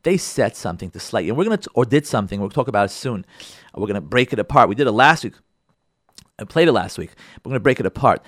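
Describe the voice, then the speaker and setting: Animated rabbi a lively, expressive voice. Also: male voice, lowish voice, fast talker, no room sound, clean studio sound. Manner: animated, repeats phrases for emphasis, acts out listeners' voices. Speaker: rabbi, show host. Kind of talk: lively Torah talk addressed to listeners.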